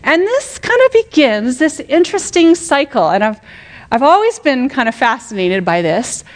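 A middle-aged woman with a fairly high voice gives a conversational Bible teaching. She's animated, full of rhetorical questions, and sometimes acts out quotes dramatically.

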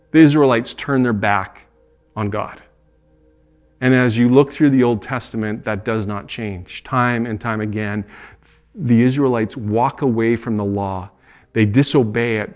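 A middle-aged pastor with a medium-pitched voice preaches a sermon. He is earnest and conversational, adding asides and correcting himself as he goes.

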